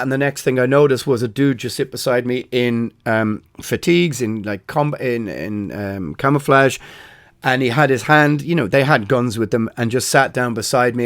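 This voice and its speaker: In a clean studio recording with no room sound, a medium-pitched Irishman in his forties hosts a podcast. He spins casual anecdotes in a rambling way, full of fillers and corrections of himself.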